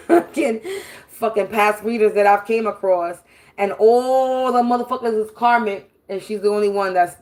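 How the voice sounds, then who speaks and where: A woman hosting a spiritual livestream, delivering a profane, confrontational rant with repetition and scattered laughs. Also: medium pitch. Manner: laughs mid-sentence. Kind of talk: ranting livestream monologue.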